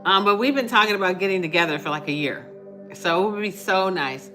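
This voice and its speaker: A middle-aged woman hosting a casual livestream, chatting with viewers, reading their comments and offering warm reassurance. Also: medium pitch, a little fast, soft background music. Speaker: livestream host. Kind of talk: casual live chat with viewers.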